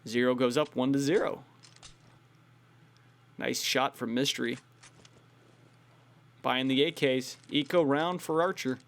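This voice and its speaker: A man's voice: medium pitch, fairly even intonation, a little slow, creaky, pauses often, fairly bright tone. A man casting a mobile shooter tournament live, tired but trying to keep the play-by-play upbeat. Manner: upbeat, pushing to keep energy up. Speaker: esports tournament caster.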